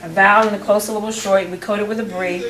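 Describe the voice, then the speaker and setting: A woman's voice: mid-range voice, steady tone, fast talker, a crowd in the background. A woman, teaching a classroom phonics lesson, patiently prompting her students and restarting phrases. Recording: roomy, distant, faint background noise.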